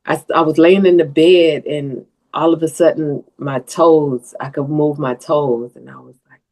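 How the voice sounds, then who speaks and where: A woman's voice: low-pitched, fairly even intonation, measured pace, darkish tone. A woman guest on a podcast, telling a personal story in an earnest way that turns tearful at times. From Southern US.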